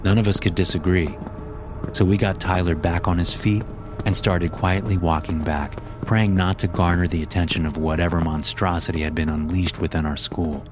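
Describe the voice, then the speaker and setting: A man narrating a scripted horror story in a measured, grim way. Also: deep voice, steady tone. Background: background music.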